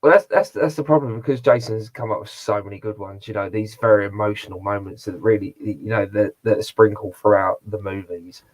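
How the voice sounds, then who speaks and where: Male podcast co-host, lowish voice, loose rambling film-review chat full of fillers. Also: fairly even intonation, fairly quick, few pauses, low-quality recording. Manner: rambling, with many fillers and restarts. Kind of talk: casual movie review chat.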